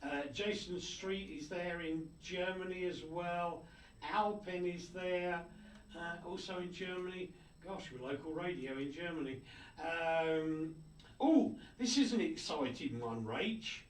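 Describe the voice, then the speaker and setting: A man hosting a radio show, chatting casually and jokingly as he reads out listener greetings. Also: unhurried. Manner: jokey, chatty, with lively swings of pitch. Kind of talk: casual on-air chat, reading listener messages. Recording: roomy, distant mic with faint noise.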